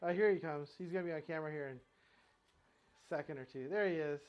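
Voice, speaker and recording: A man's voice: a little high, fairly quick, a little mellow. A man vlogging his home workout, counting reps aloud and talking casually while out of breath. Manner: counts reps aloud, rambling and self-correcting. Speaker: fitness vlogger. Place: home floor workout with his dog nearby.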